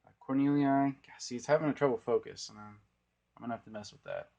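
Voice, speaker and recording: A man's voice: medium pitch, quick pace, creaky, mellow, muffled recording. A young man giving a casual, rambling tour of his home aquariums while filming on a phone. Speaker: aquarium hobbyist vlogger. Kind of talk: casual tank tour walkthrough. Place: indoor home room full of aquariums. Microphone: phone camera held by the speaker.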